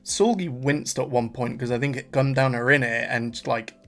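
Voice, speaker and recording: Young male vlog host, gravelly voice, mid-pitched, rambling and animated. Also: normal speed, faint music behind. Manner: chatty and animated, laughs often, trails off with fillers. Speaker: reaction channel host. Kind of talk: casual vlog review.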